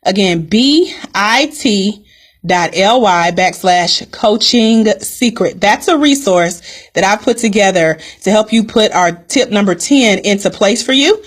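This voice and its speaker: A woman's voice: medium pitch, expressive, measured pace. A woman business coach hosting a live-streamed coaching call, upbeat and direct, calling her viewers "guys" and repeating her key points.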